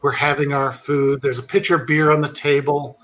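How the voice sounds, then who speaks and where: Speaking at normal speed in a mid-range voice, a man hosting a podcast spins a long comic tale in casual conversation, laughing throughout. The sound quality is dull.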